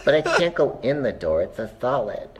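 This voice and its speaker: A man doing an impression of a celebrity woman in a comedy sketch clip, slow and flat in delivery. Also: mid-range voice, slight background noise, natural voice. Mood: deadpan.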